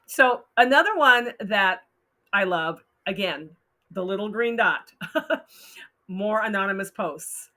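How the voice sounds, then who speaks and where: A woman's voice: medium pitch, expressive, takes it slowly, pushed and bright. A woman hosting a casual advice talk, frank and blunt, often laughing as she reads out posts. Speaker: host giving advice.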